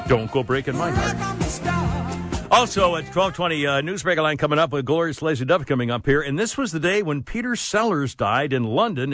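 Male middle-aged talk radio host, brash and rambling with jokes, slightly high voice. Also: a bit bright. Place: radio studio.

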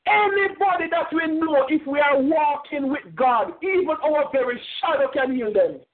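A man's voice: very high-pitched, lively intonation, normal speed. A man preaching a sermon with fervent, repetitive delivery. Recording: tinny phone-like sound.

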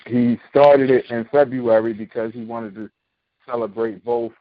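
A man's voice: mid-range voice, fairly even intonation, measured pace, no room sound. A man hosting a casual talk show, explaining his views emphatically and often asking "you know what I mean?". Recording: thin phone-like sound.

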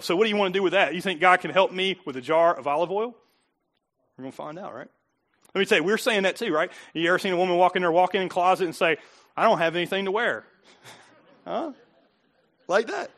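High, bright-voiced preaching man. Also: fast talker, pauses often. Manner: animated, joking, acts out voices. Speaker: pastor. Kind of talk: sermon.

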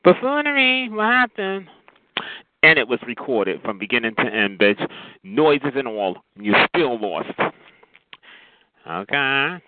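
A man's voice: medium pitch, very animated, slow pace, pauses often. Sassy man ranting over a tinny line. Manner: sassy, cutting, calls listeners honey. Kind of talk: heated on-air rant. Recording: tinny phone-like audio with loud noise.

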